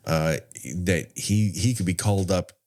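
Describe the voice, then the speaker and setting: A man's voice: deep voice, unhurried, a little mellow. A man co-hosting a podcast, recapping a horror film in casual chat with wry asides and frequent laughs. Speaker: podcast co-host.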